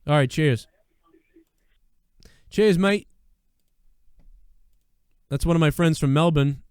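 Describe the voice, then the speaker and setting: A man's voice: a little high, slow pace, darkish tone, smooth, no room sound, clean studio sound. A man hosting a call-in show, chatting casually with loose, profane storytelling and repeated phrases.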